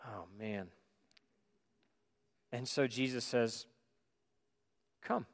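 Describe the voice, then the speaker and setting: A male pastor preaching a sermon, moving between loud emphatic passages and quiet, hushed reflection. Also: medium pitch, very slow, big-room sound.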